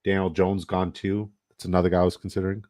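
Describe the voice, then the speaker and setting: Lowish-voiced guy streaming his fantasy draft, swearing a lot and laughing at the other drafters. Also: little pitch movement, fast, darkish tone. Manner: profane, joking, laughs often, trash-talks other drafters. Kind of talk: casual live-stream chat while drafting.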